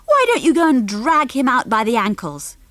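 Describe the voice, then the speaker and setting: Woman playing cheerful schoolboy, outspoken, higher voice, lively, storybook. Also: normal speed, dry recording.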